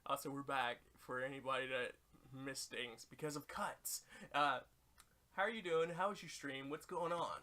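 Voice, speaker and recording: A man's voice: medium pitch, moderate pace, pushed and bright. A young man giving goofy, chatty commentary while streaming a mobile game, laughing often. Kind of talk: casual gaming commentary.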